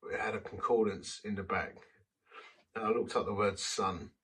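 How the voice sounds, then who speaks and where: A man's voice: on the low side, fairly even intonation, normal speed, a bit bright, breathy edge, recorded from a distance, poor audio. A man preaching a sermon, telling a personal story in a conversational, self-deprecating way.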